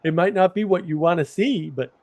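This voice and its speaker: A man's voice: sits high, brisk, no room sound. A man hosting a livestream, telling stories in casual chat and acting out incredulous reactions. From United States. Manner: animated, mimics others with incredulous outbursts. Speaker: livestream host.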